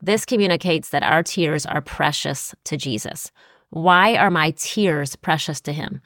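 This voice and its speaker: An earnest woman co-hosts a Christian podcast, talking reflectively and quoting scripture. Her voice sits a little low for a woman. The recording is dry and close. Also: measured pace, a bit bright, no echo. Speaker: podcast co-host.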